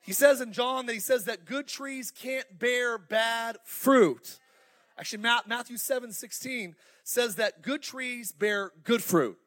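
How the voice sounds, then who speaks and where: A high-pitched middle-aged man preaches with fire, urging the congregation on with call-outs. He swings between loud bursts and quiet, close asides, speaking through a stage microphone in a church auditorium. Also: a little slow. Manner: fiery, animated preaching with crowd call-outs. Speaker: pastor. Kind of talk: sermon.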